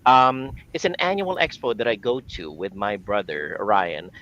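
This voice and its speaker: An upbeat man, a regular on a gaming panel, with a bright, forceful voice. His audio comes through muffled and lo-fi, like a remote call. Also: lowish voice, measured pace. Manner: upbeat, energetic radio-style greeting. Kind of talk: casual panel chat.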